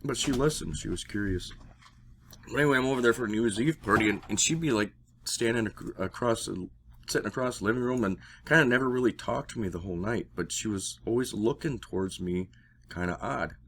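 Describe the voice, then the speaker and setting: A man telling a personal story in a casual, rambling way. He swears and gets excited when he acts out dialogue. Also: lowish voice, a little fast, a little hiss or hum. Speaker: interview guest.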